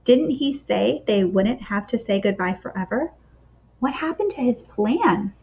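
A woman's voice: on the high side, lively intonation, a little slow, gravelly, darkish tone, a little hiss or hum. Puzzled, dismayed disciples from a children's storybook, as a woman reads them aloud. The voice is questioning and dismayed. The recording is slightly dull and lo-fi.

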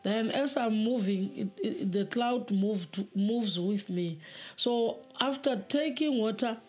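A woman giving a spoken testimony in an earnest, halting way, often repeating words. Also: a little high, darkish tone. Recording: faint music behind.

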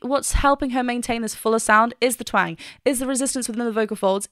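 A woman's voice: a little high, fairly bright tone, no echo, studio quality. Enthusiastic vocal coach woman. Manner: enthusiastic, explains technique in plain terms. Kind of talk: reaction video with vocal analysis.

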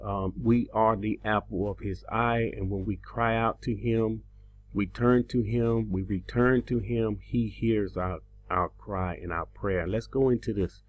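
A man delivering a teaching sermon, slow and emphatic, his pitch rising on the words he stresses. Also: steady tone, narrow, tinny audio. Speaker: preacher.

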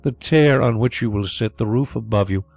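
A man voicing a suave, genial blind gentleman detective, speaking calmly and thoughtfully. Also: on the low side, moderate pace, faint music behind. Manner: calm, thoughtful, smoothly assured.

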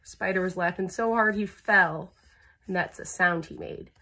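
A woman's voice: on the low side, normal speed, sharp tone, slight background noise. A woman reading a children's picture book aloud at storytime, adding playful sound effects and chatting to young listeners between pages.

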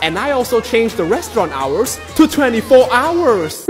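A woman voicing characters in a comedy skit with a drawn-out, whiny delivery. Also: medium pitch, very animated, soft background music.

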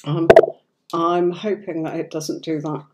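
A woman with a cold and a hoarse voice, hosting a live tarot stream and chatting affectionately while she sorts out the software. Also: deep voice, flat delivery, a little slow, very noisy.

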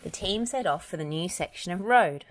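A woman narrating a children's storybook aloud in a gentle, even storytelling manner. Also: lowish voice, normal speed, slight background noise. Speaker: children's book reader.

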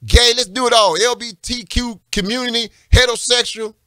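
A man's voice: very high voice, steady tone, a little fast, sharp tone, smooth, dry recording, clean studio sound. A man, a radio pastor preaching fervently, repeating his calls with growing emphasis. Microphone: studio microphone.

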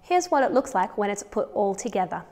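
A woman's voice: mid-range voice, big pitch swings, fairly quick, in a large hall, background noise. A woman with an Australian accent teaching a children's music lesson, counting patterns aloud and encouraging the class.

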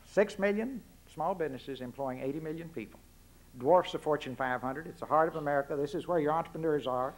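Texan guy speechifying to a crowd, high voice, punchy questions, folksy asides. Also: a little fast. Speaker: guest speaker. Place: lecture forum before an audience.

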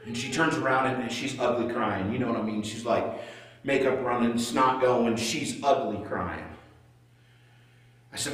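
A middle-aged male pastor preaching a sermon as a conversational story, swinging between loud and hushed. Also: mid-range voice, moderate pace. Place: church sanctuary. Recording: echoey church room, voice from far off.

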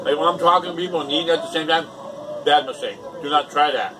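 A man's voice: a little high, fast talker, background noise. A man talking casually to the camera as a YouTuber, emphatic, repeating pleading warnings over and over. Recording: distant mic with faint music behind.

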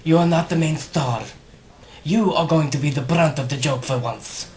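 A man's voice: on the high side, moderate pace, darkish tone, lightly acted. A man playing a stern, scolding fairy godmother. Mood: commanding. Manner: scolding, formal. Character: stern self-important fairy godmother woman.

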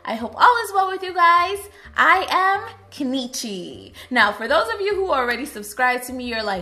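A woman from Trinidad and Tobago chatting casually to her viewers in a vlog, animated and lively. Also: high voice, normal speed, hardly any pauses. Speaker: YouTuber. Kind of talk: casual vlog chat to camera.

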